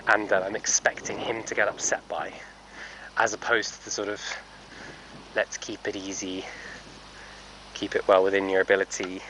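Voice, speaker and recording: A man talks through his horse training in a casual, rambling vlog, correcting himself often. His voice is bright and somewhat low. A faint noise sits in the background. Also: rough recording. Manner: thoughtful, rambling, many fillers and self-corrections.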